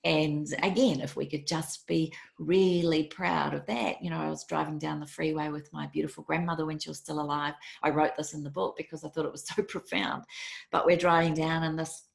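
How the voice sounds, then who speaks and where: A woman's voice: low voice, flat delivery, a little fast, creaky. A woman in her fifties, a podcast guest, telling stories in an earnest, emphatic way. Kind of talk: conversational interview.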